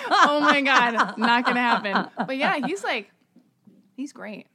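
A woman's voice: high-pitched, animated, measured pace, pushed and bright. A woman hosting a podcast, chatting casually in a rambling, giggly, teasing way. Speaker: podcast host. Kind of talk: casual chat.

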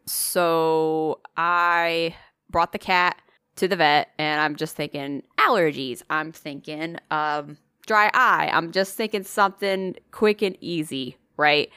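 A woman's voice: low voice, bright, forceful tone, smooth, no room sound, studio quality. A woman co-hosting a podcast, telling a story in casual chat, swearing freely and acting out the voices of the people in it. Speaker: podcast co-host.

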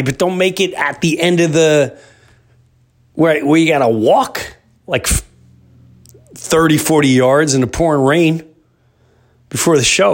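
Animated storytelling man in his fifties. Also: mid-range voice. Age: 50s. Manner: animated, rambling, jumps to shouting disbelief. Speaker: podcast host. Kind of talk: casual storytelling monologue.

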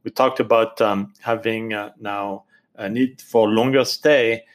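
A man with a French accent, a podcast host speaking in English, earnestly urging listeners and filling pauses with many ums and uhs. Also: lowish voice, fairly even intonation. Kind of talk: advice podcast talk.

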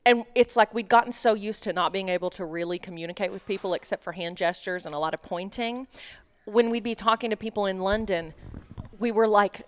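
A woman's voice: mid-range voice, brisk. A young woman from Tennessee who works in local TV news, co-hosting a podcast in a chatty, storytelling way. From Tennessee, USA. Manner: chatty, lively storytelling with laughs. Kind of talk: casual chat.

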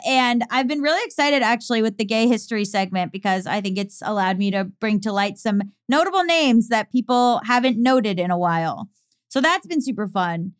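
A young woman co-hosting a podcast in casual, chatty conversation, animated and full of trivia. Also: fairly high pitch, fairly quick, clean tone, dry recording. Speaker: podcast co-host. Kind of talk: casual chat.

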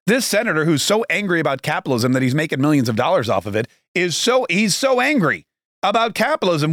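A man with a high, light voice riffs sarcastically on politics as a podcast host. He rambles and mocks, catching himself mid-thought, recorded close and dry. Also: a bit bright, dry recording. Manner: mocking, rambling, self-correcting.

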